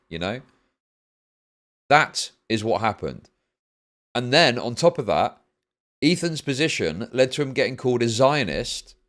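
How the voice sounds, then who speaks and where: Brief: male streamer, mid-pitched voice, deadpan reading of donations, long rambling explanations. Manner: dry, repeats "indeed" flatly; explains at length with many fillers. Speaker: streamer reacting to a video.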